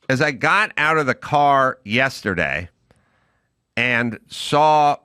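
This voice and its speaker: A man's voice: mid-range voice, bright, forceful tone, dry recording, clean studio sound. A middle-aged man co-hosting a podcast, telling stories in an emphatic, ranting way. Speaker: podcast co-host. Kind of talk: casual chat.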